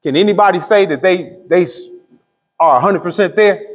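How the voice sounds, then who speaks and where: A middle-aged pastor teaching a Bible study, asking the room questions and drawing out key words. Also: male voice, high voice, slightly rough. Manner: call-and-response questions to the room; drawls key words slowly. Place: church hall. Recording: long hall reverb.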